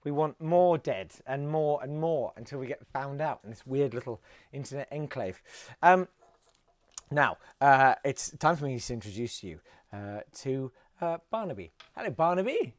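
A man's voice: medium pitch, normal speed, no room sound. A man hosting a solo live comedy webcast, talking in a wry, rambling way with many fillers and restarts. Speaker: host.

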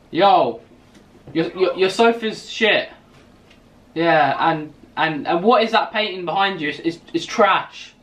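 Cheeky young London man, high voice. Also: lively intonation, fairly bright tone. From England. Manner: teasing, mock-insulting, quick to laugh. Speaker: YouTuber host. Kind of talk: casual video chat banter.

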